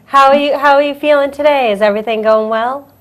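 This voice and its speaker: Chatty talk-show hostess with a cold. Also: female voice, high-pitched, fast. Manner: chatty, laughs often. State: coughing. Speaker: host.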